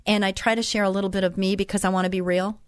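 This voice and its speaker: A woman's voice: medium pitch, little pitch movement, very fast, no room sound. A woman hosting a faith talk show, speaking in an earnest, heartfelt and openly emotional way in an inspirational monologue from a studio.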